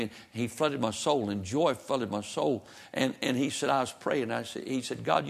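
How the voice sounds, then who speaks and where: A man's voice: lowish voice, creaky. A man preaching a sermon, folksy and fervent, telling stories and rising to emphatic scripture reading. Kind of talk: sermon with storytelling.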